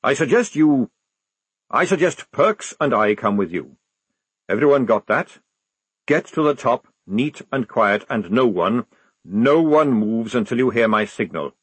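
A man voicing a gruff, burly old army sergeant who barks curt orders. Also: mid-range voice, animated, measured pace, dry recording. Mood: commanding. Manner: barking, curt commands.

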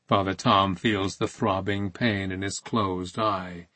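Male audiobook narrator, slow and measured, husky. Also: deep voice, steady tone, sharp tone, no room sound. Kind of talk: scripted narration.

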